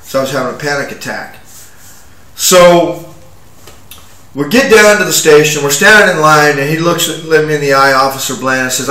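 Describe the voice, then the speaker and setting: A man in his forties recounts events in an agitated, halting way, full of restarts and fillers. His voice sits fairly high and sounds bright and tense. The room around him is echoey and hollow. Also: recorded from a distance. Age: 40s. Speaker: vlogger telling his own story. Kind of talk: rambling first-person account.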